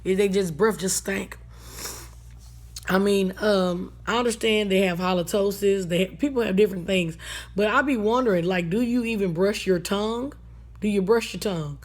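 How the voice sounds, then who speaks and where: A woman's voice: medium pitch, moderate pace. A woman hosting a radio talk segment, talking bluntly and sassily in a casual monologue. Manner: blunt, sassy, colloquial.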